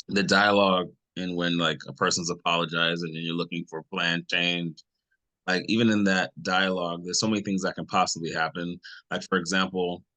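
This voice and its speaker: A man's voice: deep voice, bright, forceful tone, no room sound. A man, a ministry co-founder, sharing in a casual group discussion, rambling and conversational with many fillers.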